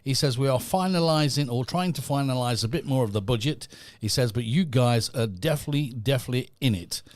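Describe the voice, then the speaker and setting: A man's voice: mid-range voice, a little fast, no room sound. A man hosting a live podcast from a studio, chatting casually, reading out viewer messages and greeting people by name. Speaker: podcast host. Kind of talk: casual live-stream chat.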